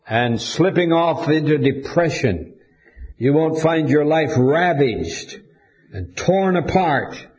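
A man preaching a sermon to his congregation in a measured, deliberate way with pauses. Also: fairly high pitch, darkish tone. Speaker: pastor.

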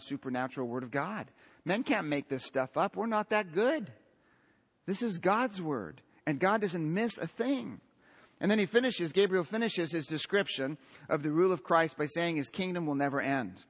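Male pastor, high voice, emphatic church sermon, stacks up long lists and calls out to the congregation. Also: a bit bright.

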